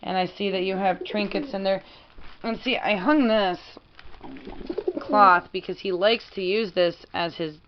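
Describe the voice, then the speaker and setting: A woman's voice: medium pitch, a little slow. A woman in a casual home vlog, chatting fondly to her pet pigeon as she films. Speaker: pet owner vlogger. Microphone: camera mic. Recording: dull lo-fi camera audio with noise.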